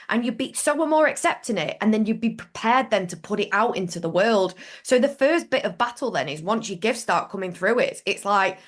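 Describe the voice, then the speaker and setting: A woman talks through a relaxed podcast conversation at a middling pitch. She is animated and candid, slips into little acted-out inner thoughts, and swears casually. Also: a little fast, hardly any pauses. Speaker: podcast co-host. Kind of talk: casual spiritual business chat.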